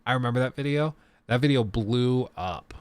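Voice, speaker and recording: A man's voice: mid-range voice, moderate pace, clear, resonant tone, no echo. Streamer host, man in his thirties, casual rambling chat, faint Colorado accent, dry close mic. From US South. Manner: rambling, self-interrupting, reads chat aloud.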